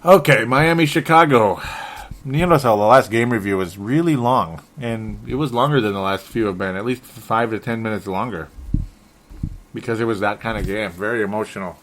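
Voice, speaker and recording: A man's voice: on the low side, normal speed, fairly bright tone. Frustrated, rambling man talking sports. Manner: frustrated, rambling, self-correcting with chuckles. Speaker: sports talk host. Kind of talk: solo sports podcast commentary.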